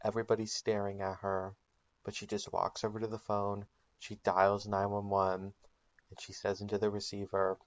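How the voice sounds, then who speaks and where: A man's voice: on the low side, completely flat delivery, moderate pace, dull audio. A man telling a comedic made-up recap of a TV show in a casual storytelling way with ums and likes. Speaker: channel host.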